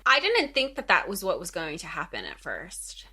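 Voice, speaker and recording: Lively bright-voiced woman podcaster. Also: on the low side, moderate pace, breathy edge. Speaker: podcast co-host. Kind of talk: casual film discussion.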